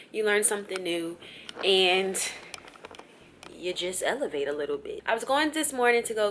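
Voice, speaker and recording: A woman vlogging casually, telling a story from her day and acting out her own thoughts in a lively way. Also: slight background noise. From USA. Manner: animated, jumps high in pitch when acting out her own thoughts.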